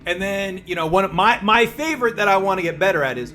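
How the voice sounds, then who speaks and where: A man streaming live, chatting fast and casually with his viewers and reading their messages aloud. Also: sits high, expressive. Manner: chatty, fast-talking, reads chat aloud. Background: background music.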